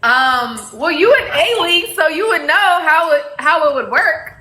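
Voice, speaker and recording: A young American woman in her twenties joins a live-stream match. She speaks hesitantly and restarts often, in a high, bright voice. The room sounds echoey, with faint noise behind her. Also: animated. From United States. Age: 20s. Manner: hesitant, halting speech.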